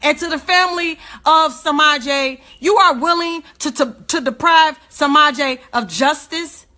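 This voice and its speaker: A woman's voice: high-pitched, a little slow, bright, forceful tone. A woman speaking, giving an emotional, indignant livestream rant full of rhetorical questions.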